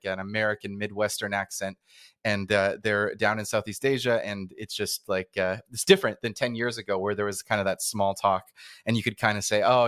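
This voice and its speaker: A man's voice: lowish voice, fairly bright tone, smooth, no echo. Chatty Canadian man with a dry, close voice. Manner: rambling, self-interrupting, laughs easily. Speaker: podcast host. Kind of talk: casual interview chat.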